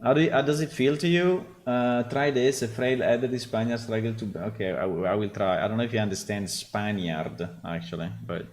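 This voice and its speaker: A man's voice: fairly low pitch, fairly quick, few pauses, a little hiss or hum. A man with an Italian accent, hosting a developer stream and bluntly critiquing test voices. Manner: blunt, critiques and swears freely. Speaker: game developer host. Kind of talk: casual livestream commentary.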